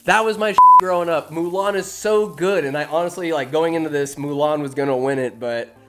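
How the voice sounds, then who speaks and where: A man giving casual, animated commentary while ranking movies, swearing freely and a bit tipsy. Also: fairly high pitch, a little fast, faint music behind. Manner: animated, swinging from musing to shouting; swears freely, talks to himself. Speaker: vlogger ranking films.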